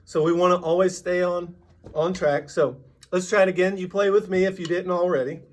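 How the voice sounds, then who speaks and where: A man teaching a drum lesson, patiently explaining and counting sixteenth-note rhythms out loud. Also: sits high, steady tone, brisk.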